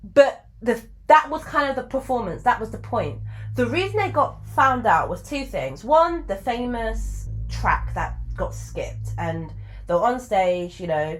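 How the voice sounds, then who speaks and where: Chatty, animated woman storyteller. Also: normal speed. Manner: chatty and animated, with sudden jumps in pitch for emphasis; many fillers and asides. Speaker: video creator. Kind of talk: casual storytelling to camera.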